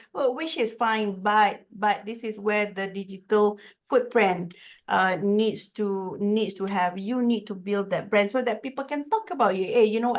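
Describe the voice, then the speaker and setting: Animated woman with a Malaysian English accent. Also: mid-range voice, highs cut off. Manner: animated, emphatic storyteller. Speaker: corporate trainer, podcast guest. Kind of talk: casual podcast chat.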